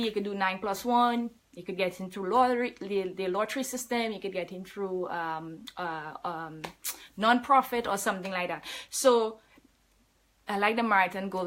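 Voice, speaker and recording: A woman's voice: medium pitch, fairly bright tone. A woman fitness coach talking casually on a live stream, laughing often and answering viewer comments.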